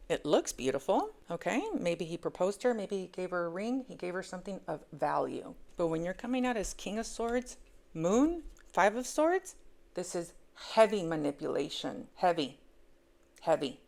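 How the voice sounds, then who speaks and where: A woman reading tarot cards in a casual, emphatic monologue. She repeats words for stress and swings between hushed asides and loud exclamations. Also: fairly low pitch, big pitch swings, normal speed. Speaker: tarot reader.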